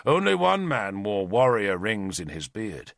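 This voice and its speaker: Bright, expressive male audiobook narrator. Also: fairly low pitch, measured pace, creaky, no room sound, studio quality. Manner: expressive, voices every character. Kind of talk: scripted narration.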